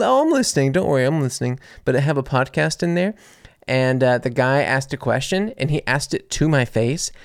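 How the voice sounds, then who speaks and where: A young American man from Louisiana, telling a story in a casual, animated way with sarcasm and plenty of fillers and restarts. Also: medium pitch, vocal fry, clear, resonant tone, no room sound, studio quality. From Louisiana, USA. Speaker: podcast host reading listener comments.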